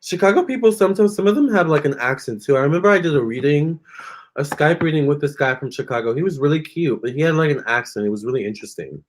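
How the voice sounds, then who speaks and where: Quick-paced and animated, this man's voice is a little high. Reading tarot live, the Virginia native responds to viewers' comments with sass and chatter, addressing them as honey and girl.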